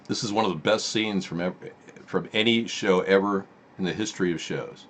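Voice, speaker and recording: Guy rambling sarcastically on his live political stream, kinda low voice. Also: normal speed, a little hiss or hum. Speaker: host.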